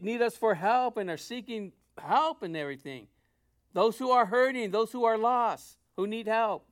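A man preaching a sermon to his congregation in a conversational way, dropping to soft asides and rising to loud emphasis. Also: high voice, smooth. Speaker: pastor.

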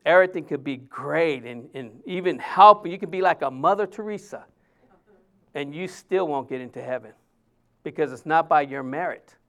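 High-voiced, smooth male preacher. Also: moderate pace, fairly bright tone. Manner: conversational preaching, many fillers and restarts. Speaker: pastor. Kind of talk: sermon.

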